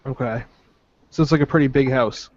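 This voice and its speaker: A man playing in a tabletop role-playing game who jokes and swears casually. His voice sits at a middle pitch and the recording is slightly muffled. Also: fairly quick, no echo. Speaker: player.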